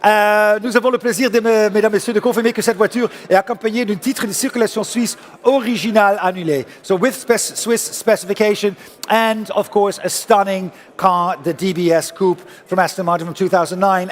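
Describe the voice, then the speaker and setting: A man working as auctioneer, calling bids briskly and switching between languages as he goes. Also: sits high, steady tone. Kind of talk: live auction bid calling. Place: large exhibition hall auction room. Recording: long hall reverb.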